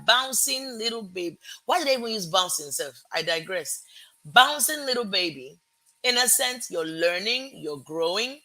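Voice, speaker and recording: A woman with a medium-pitched, bright and forceful voice and an accent mixing American and Nigerian hosts a motivational live stream. She keeps things energetic and conversational, greets her audience warmly, and occasionally pauses to correct herself.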